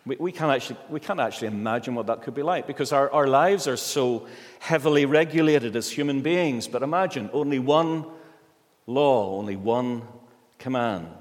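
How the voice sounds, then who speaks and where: A male pastor reading scripture and preaching a sermon in a church, measured with slow, emphatic pauses. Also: medium pitch, long reverb tail.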